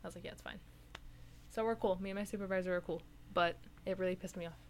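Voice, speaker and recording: Young woman, fast rambling delivery full of fillers, faint room noise behind. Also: lowish voice, fairly even intonation. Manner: rambling, filler-heavy, profane. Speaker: retail stocker. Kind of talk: casual venting chat.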